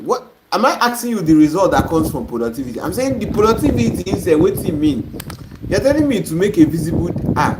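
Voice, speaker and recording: Blunt Nigerian man, lively voice. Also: a little high. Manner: blunt, scolding, laughs at wrong answers. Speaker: online course teacher. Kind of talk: live-stream lesson, reading viewer comments. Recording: noisy live-stream audio.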